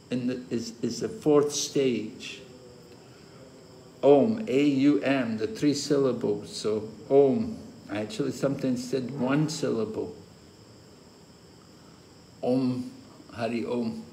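Male spiritual teacher, scripture lecture, slow measured delivery, roomy echoey recording. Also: medium pitch, a little mellow. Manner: slow, deliberate explaining with occasional chuckles. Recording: roomy echo with faint ambient noise.

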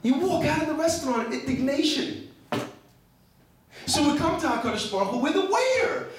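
A rabbi preaching to a women's group, emphatic and full of rhetorical questions and stories. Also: male voice, extremely high pitch, lively intonation, moderate pace. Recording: very echoey room, distant mic, faint noise.

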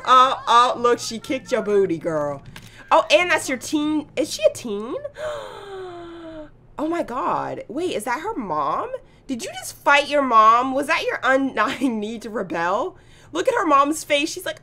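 A woman hosting a casual let's-play, chatting excitedly and reacting out loud to the game. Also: high-pitched, measured pace, slight background noise. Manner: chatty, excitable, gasps and laughs at the action. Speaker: gaming channel host.

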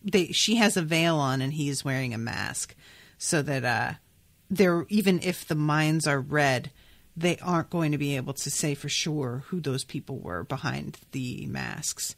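A woman hosting a podcast, chatting casually about a book and reading passages aloud, thinking out loud with lots of fillers. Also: deep voice, unhurried. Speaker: podcast host.

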